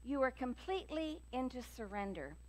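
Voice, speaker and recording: Lady minister preaching, chatty storytelling, uh's and all, fairly high voice. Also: moderate pace. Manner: chatty, lively storytelling with fillers. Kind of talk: sermon with jokes and readings. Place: church sanctuary.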